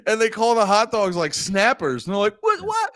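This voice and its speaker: A man's voice: high voice, fairly quick, a bit bright, no room sound, studio quality. A young man co-hosting a casual comedy podcast from home, talking crudely and jumping into silly put-on voices. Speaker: podcast co-host.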